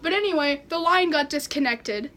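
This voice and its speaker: A woman's voice: sits high, lively intonation, moderate pace, fairly bright tone. A teenage girl telling a story on camera in a casual way, laughing often as she talks. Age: teens. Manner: laughing through her story, giggly. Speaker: vlogger.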